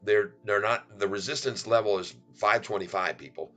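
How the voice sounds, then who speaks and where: A man's voice: lowish voice, fairly even intonation, normal speed, sharp tone, soft background music. A middle-aged man hosting a stock market livestream, joking, rhyming and laughing often as he hypes his viewers. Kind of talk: playful sing-song stock chat.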